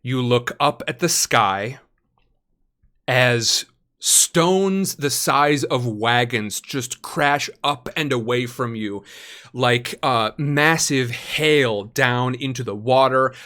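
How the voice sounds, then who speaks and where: A man's voice: medium pitch, takes it slowly, pushed and bright. A man narrating a tabletop role-playing game as game master, painting the scene in vivid detail with frequent ums and uhs.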